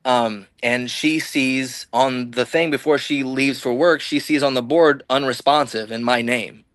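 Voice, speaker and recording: Man, casual storytelling, rambling and profane, mid pitch, dry close sound. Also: steady tone, measured pace, a bit bright, no room sound. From Illinois-Iowa border, US. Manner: rambling, profane, acts out quoted dialogue. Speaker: podcast guest.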